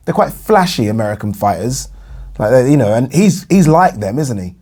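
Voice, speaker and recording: A man's voice: mid-range voice, very animated, moderate pace, mellow, slightly rough. An English man, a young adult, chatting casually about boxing news in a rambling way with lots of fillers and repeated phrases. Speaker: boxing vlogger. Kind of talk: casual solo boxing commentary.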